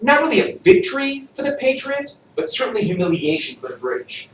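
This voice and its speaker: Animated teacher in an echoey classroom. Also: male voice, very high-pitched, brisk, recorded from a distance, slight background noise. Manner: animated, jokey, quizzes the class. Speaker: history teacher. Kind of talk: classroom lecture with student questions.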